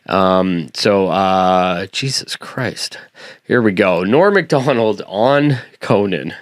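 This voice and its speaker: A man's voice: sits low, lively intonation, takes it slowly, dry recording. A man hosting a reaction video, chatting casually in a hesitant way with lots of fillers, close to his mic.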